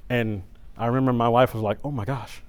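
Here a middle-aged preacher tells a story from his own life during a church service, conversational and animated, with plenty of restarts. The voice is mid-range and smooth, and the pace is brisk.

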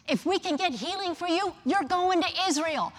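A woman acting out an eager, powerful male king who gives brisk, emphatic orders. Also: extremely high pitch, voice pushed up. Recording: long reverb of a large hall.

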